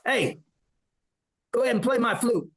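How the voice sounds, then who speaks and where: A man imitating a loud, mocking male sergeant drill instructor who teases a recruit. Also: moderate pace, breathy edge, heavily acted. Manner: shouting, high-pitched.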